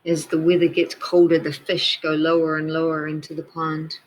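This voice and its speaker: A woman teacher reading a picture book aloud to children, gently pointing out details in the pictures as she goes. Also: sits low, completely flat delivery, moderate pace, a little hiss or hum, poor audio.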